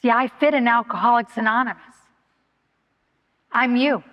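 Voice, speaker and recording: Halting woman speaking in echoing hall. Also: fairly high pitch, highs cut off. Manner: candid, halting, many fillers and restarts. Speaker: speaker at a recovery meeting. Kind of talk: personal testimony. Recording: long hall reverb.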